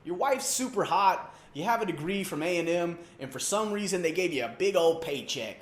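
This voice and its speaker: A man's voice: high voice, animated, a little fast, few pauses. A man hosting a comedic sports rant, loose and slangy, mocking and rambling. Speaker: comedy sports show host. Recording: roomy echo.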